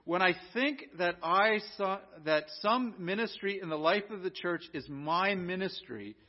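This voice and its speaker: A man's voice: sits high, animated, unhurried. An American man and pastor preaching a sermon earnestly, asking rhetorical questions and often restarting his sentences. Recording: dull lo-fi recording.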